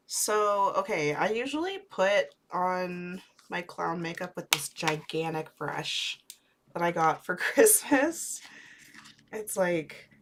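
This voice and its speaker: A woman's voice: on the low side, animated, slow, noisy background. A woman in her thirties chatting casually and rambling while doing makeup on a livestream. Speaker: clown makeup streamer.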